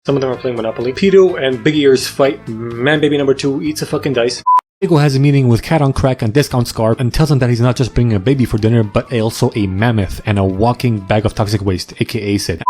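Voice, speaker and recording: A man's voice: medium pitch, quick pace, darkish tone, soft background music. A young man narrating comedic movie recaps in a crude, mocking way, often breaking into silly voices.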